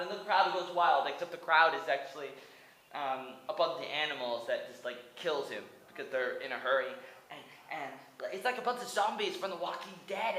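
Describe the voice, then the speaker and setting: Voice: mid-range voice, sharp tone, roomy sound, poor audio. A speaker in their twenties from the United States, rambling through a comic retelling of a cartoon movie with stammered restarts and lots of "like". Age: 20s. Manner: rambling, stammering restarts, many likes, breaks into song.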